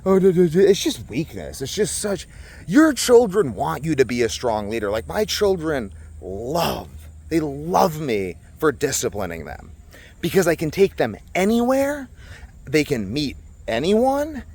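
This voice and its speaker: Animated, blunt young man ranting outdoors. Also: fairly high pitch, measured pace, breathy edge. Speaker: vlogger. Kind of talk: casual monologue to camera. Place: outdoors at a resort.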